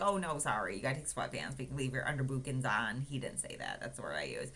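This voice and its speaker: A woman with a low voice tells a personal story straight to camera. Her pitch swings widely as she acts out what others said. The talk is casual and loose, filled with "like" and "um". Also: very animated, brisk, few pauses, a bit bright. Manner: chatty, full of "like" and "um", acts out quotes. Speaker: vlogger.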